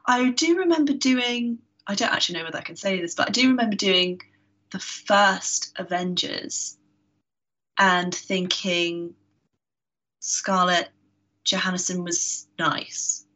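A woman author as a podcast guest, answering in a hesitant, thoughtful way with frequent pauses and laughs. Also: medium pitch, bright, forceful tone, rough recording. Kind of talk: casual interview chat.

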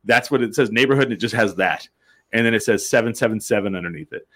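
A man's voice: fairly low pitch, quick pace, a bit bright. A man from New Mexico hosting a casual chat, telling a rambling, profane story and laughing often. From New Mexico, USA.

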